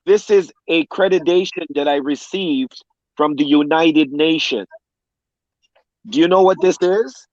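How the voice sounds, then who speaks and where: A man in his fifties, a pastor and coach, speaking earnestly in a halting way on a call. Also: a little high, dry recording, highs cut off. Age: 50s. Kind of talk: casual video call chat.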